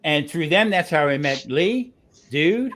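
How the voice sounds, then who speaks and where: A talkative man with a New Jersey accent, his voice sitting a little high for a man. He tells his stories with lots of energy, often stopping and starting over mid-sentence. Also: a little slow. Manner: animated storyteller, restarts often. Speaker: guest cook on a grilling livestream. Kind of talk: casual chat.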